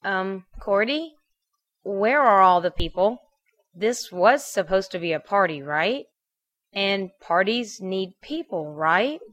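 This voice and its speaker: A woman's voice: mid-range voice, animated, a little slow, a bit bright, dull audio. A woman reading as a nervous teenage boyfriend. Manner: hesitant, self-deprecating. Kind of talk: fan fiction reading.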